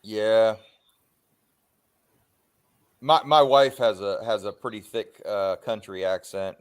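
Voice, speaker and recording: A man's voice: on the low side, clear, resonant tone. A man chats loosely with his viewers on a livestream. He rambles from one topic to the next, stops often for ums and uhs, and swears without a second thought. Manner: rambling, swears freely, frequent filler pauses. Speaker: livestream host. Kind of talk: casual livestream chat.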